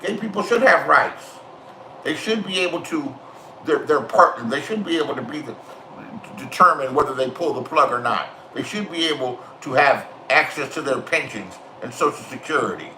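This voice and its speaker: Middle-aged Californian man, profane ranting storyteller, slightly high voice, recorded in a roomy space. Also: expressive, normal speed, pushed and bright, slight background noise. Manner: crude, swearing, confrontational storytelling. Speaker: vlogger. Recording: roomy echo.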